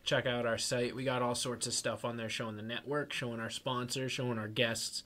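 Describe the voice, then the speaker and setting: A man's voice: mid-range voice, level tone, brisk, pushed and bright. A man co-hosting a casual podcast, laughing often and reading out sponsor plugs. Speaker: podcast co-host.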